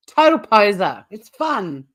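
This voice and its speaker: An Australian woman hosting a casual livestream, chatting to viewers in a rambling way with frequent laughs. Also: medium pitch. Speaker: livestream host.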